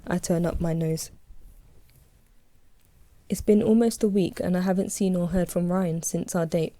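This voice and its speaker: A woman reading her own novel aloud in a calm, steady first-person audiobook narration. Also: on the low side, moderate pace, no room sound.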